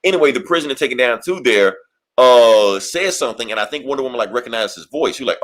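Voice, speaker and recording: A man's voice: mid-range voice, animated, quick pace, a bit bright. A man co-hosting a podcast, recapping a comic in rambling, profane casual chat. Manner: rambling, profane, laughs often. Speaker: podcast co-host.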